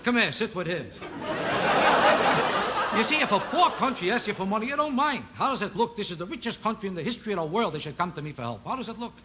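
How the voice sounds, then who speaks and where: Man, stand-up comic, rapid-fire, needling rhetorical questions, old TV broadcast with heavy hiss. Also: high-pitched, big pitch swings. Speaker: stand-up comedian. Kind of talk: stand-up routine on a TV variety show. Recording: loud noise on an old TV broadcast recording.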